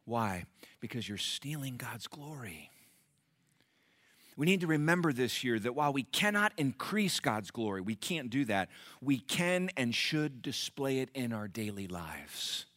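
A middle-aged man preaching a sermon to a congregation, animated, often jumping into loud acted-out voices. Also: mid-range voice, moderate pace, hardly any pauses, no room sound, studio quality. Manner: animated, acts out bragging characters loudly. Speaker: pastor.

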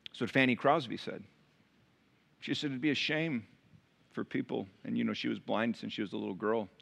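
A man preaching a sermon to his church, dynamic and emphatic, dropping to hushed tones and acting out voices in the story. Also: medium pitch, vocal fry. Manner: dynamic preaching, swinging from loud emphatic lines to hushed intimate ones; acts out crowd voices in quick asides. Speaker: pastor.

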